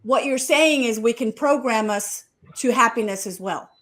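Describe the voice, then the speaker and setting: A woman's voice: fairly high pitch, moderate pace, a bit bright. A woman hosting an interview podcast, asking hesitant questions with fillers and restarts. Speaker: podcast host.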